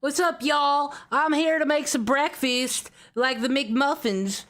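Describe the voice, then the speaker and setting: A woman's voice: sits high, slow, fairly bright tone, pitched above the performer's own voice. A woman doing a folksy young Southern gal. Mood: cheery.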